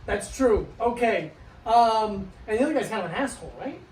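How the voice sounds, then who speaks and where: A man's voice: high voice, animated, moderate pace, a little mellow. A man co-hosting a podcast in casual comedic banter, rambling and joking and swearing freely. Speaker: podcast co-host. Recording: roomy, distant mic, faint noise.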